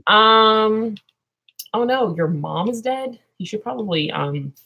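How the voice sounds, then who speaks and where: A woman's voice: medium pitch, animated, slow, creaky, dull audio. Silly rambling woman streamer. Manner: silly, scatterbrained, sings made-up songs. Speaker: livestream host answering chat. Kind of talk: rambling livestream chat with improvised singing.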